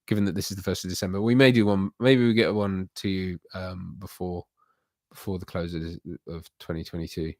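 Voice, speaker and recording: A man's voice: deep voice, a little fast, a little mellow, no room sound, clean studio sound. A man hosting a casual livestream, chatting loosely with viewers in a rambling, self-deprecating way. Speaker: livestream host.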